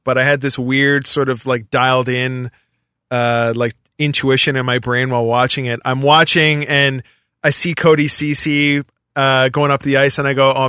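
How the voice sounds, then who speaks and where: A man with a bright, forceful voice talks casually and tells a rambling story. His fillers pile up as he gets into it. The sound is dry and close. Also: medium pitch, clear, resonant tone, no room sound. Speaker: podcast guest. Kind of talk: casual chat.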